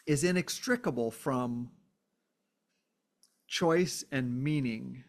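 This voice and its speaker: A man with a somewhat high voice talks through a philosophical idea in a reflective solo podcast. He thinks aloud, with fillers and many "right?" checks. Now and then he acts out short exclamations. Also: gravelly. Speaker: podcast host.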